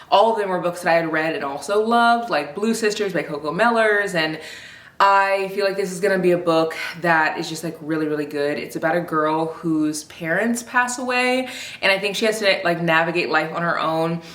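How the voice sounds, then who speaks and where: Young woman vlogger, chatty and rambling, lowish voice, echoey room. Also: fairly bright tone. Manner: chatty, rambling, heavy use of "like". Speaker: book vlogger. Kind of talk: casual chat to camera.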